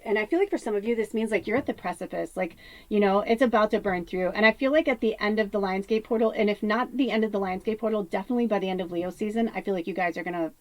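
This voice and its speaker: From an off-grid home, a psychic medium talks casually to camera about spiritual matters in a mid-range, darkish voice. The recording is rough but has no echo, and she is chatty with many fillers, at times dropping to a whisper.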